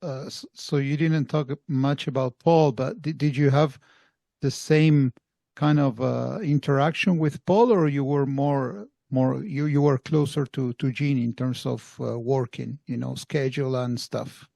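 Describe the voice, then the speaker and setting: A man's voice: mid-range voice, fairly even intonation, measured pace, creaky, dark tone, dry recording, clean studio sound. A man co-hosting a podcast interview, asking hesitant questions full of fillers.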